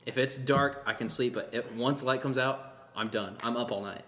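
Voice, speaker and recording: Bright-voiced blunt young man. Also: mid-range voice, moderate pace, echoey room. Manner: blunt, swears freely, laughs often. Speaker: podcast host. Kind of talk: casual late-night podcast chat.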